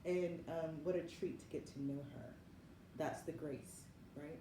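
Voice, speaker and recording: A woman's voice: low voice, fairly even intonation, unhurried. A woman, giving an effusive, musing spiritual tarot reading. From Southern United States. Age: 40s. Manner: musing, effusive, often calls things wild. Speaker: tarot reader. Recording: echoey room with background noise.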